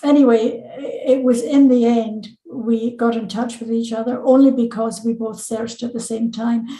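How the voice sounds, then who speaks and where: Telling a story from her own life as a podcast guest, this woman from Scotland, in her seventies, voices her relatives' words loudly and with animation. She speaks a little high at a moderate pace; the sound is roomy and the recording rough.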